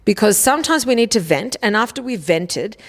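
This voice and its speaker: A woman's voice: mid-range voice, expressive, brisk. A woman hosting a solo self-help podcast, casual and blunt, swearing freely and often checking in with "okay?". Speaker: podcast host.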